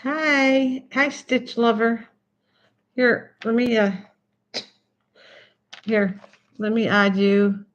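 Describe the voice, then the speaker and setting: An older woman hosts a crafting livestream, chatting casually and laughing as she talks to her cat and her viewers. Her voice is on the high side with fairly even intonation, and she speaks very slowly, pausing often. The sound is dull and lo-fi.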